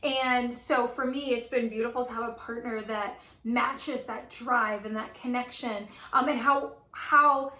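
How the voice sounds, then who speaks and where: A woman's voice: fairly high pitch, fairly even intonation, a little slow, few pauses, pushed and bright, reverberant. A woman coach chatting casually and effusively about her relationship, full of "like" and "right". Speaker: twin flame coach. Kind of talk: casual chat.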